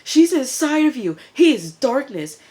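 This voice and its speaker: A woman voicing a frantic male cult member who raves about darkness in shrill repetition. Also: sing-song, a little slow, darkish tone.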